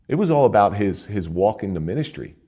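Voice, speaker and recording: A middle-aged man with a low, dark, mellow voice shares his story as a guest in earnest, conversational talk. He often restarts his sentences and lifts sharply in pitch when a point excites him. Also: fairly quick, husky. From New Jersey. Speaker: interview guest, retired police officer. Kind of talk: candid personal storytelling.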